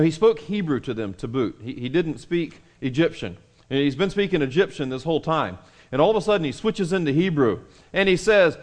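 A man preaching a conversational sermon, reading scripture and acting out the scenes with quick asides. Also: fairly high pitch. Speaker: pastor.

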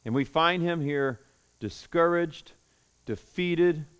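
A man preaching a sermon to a congregation in a room, telling the story with animated swings between loud declaiming and hushed tones. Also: a little high, slow, smooth. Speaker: pastor.

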